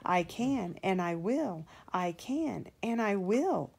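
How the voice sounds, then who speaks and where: A woman's voice: mid-range voice, expressive, slow, gravelly, darkish tone, slightly rough, full character voice. A woman voicing a proud, sulky young male steam engine in a storybook, whiny when sad and puffing with determination. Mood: determined.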